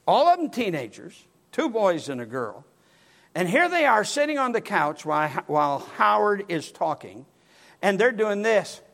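An older pastor tells a story in a folksy, animated way. His voice sits high for a man and swings widely in pitch. He acts out the quotes as he goes. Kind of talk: storytelling sermon.

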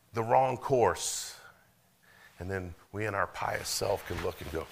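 A middle-aged man preaching a sermon, stumbling over repeated words, asking for amens and building to loud, rising passages. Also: low voice, measured pace, creaky, slightly rough. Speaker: pastor.

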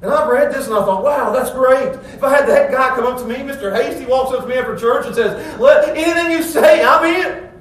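Animated high-voiced preacher in an echoey church. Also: male voice, quick pace, hardly any pauses. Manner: animated, swings from loud excited to low calm. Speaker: pastor. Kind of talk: sermon. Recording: echoey room from far off.

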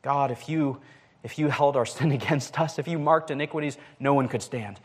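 A man's voice: medium pitch, moderate pace, breathy edge. A man preaching a conversational sermon, speaking casually with frequent fillers and restarts.

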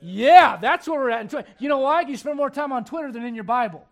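A man preaching a sermon, shifting between quick asides, mimicked voices of churchgoers, and low, slow scripture reading. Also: expressive.

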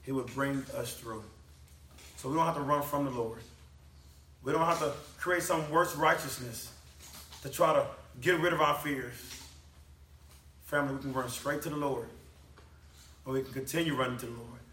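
A man preaching a sermon, repeating lines with emphasis and swinging from loud to soft. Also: mid-range voice, fairly even intonation, normal speed, pauses often, a little hiss or hum. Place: church hall. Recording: echoey hall from a distance.

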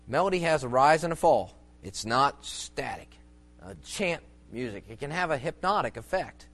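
This man's mid-range voice has a fairly bright tone. He's a preacher teaching on church music, giving a casual, folksy sermon that wanders, restarts often, uses plenty of fillers, and draws on everyday illustrations.

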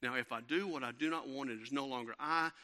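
Bright-voiced preacher man. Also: medium pitch, fast talker. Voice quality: bright, animated storytelling with frequent fillers and restarts. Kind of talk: sermon.

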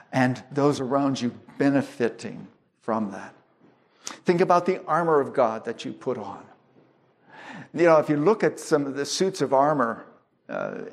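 A male pastor preaches slowly and deliberately, making his points with plain, homely illustrations and sometimes restarting a phrase before continuing. His voice is mid-range and creaky.

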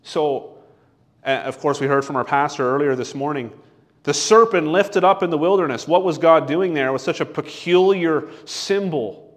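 A man preaching a sermon, reading scripture slowly and deliberately, asking questions and answering them himself. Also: fairly high pitch.

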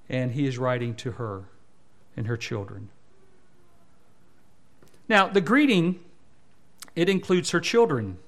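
A man preaches an expository sermon in a slightly high voice. He talks easily with his congregation, with asides, and then presses his points with rising fervor. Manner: rises to fervent emphasis, conversational asides. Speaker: pastor.

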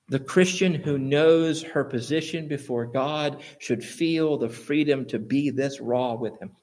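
Emphatic male preacher, somewhat high voice. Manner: rhetorical questions, emphatic swells in volume. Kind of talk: sermon.

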